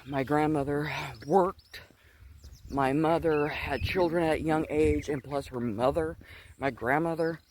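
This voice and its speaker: A man's voice: fairly high pitch, background noise. A middle-aged man speaking in a slightly raised register, a little out of breath as he walks outside. He tells his story loosely, doubling back and restarting often. Faint rural outdoor ambience sits behind him. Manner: rambling, digressive storytelling with many restarts. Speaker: Christian vlogger. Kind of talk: casual personal testimony. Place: outdoors, walking.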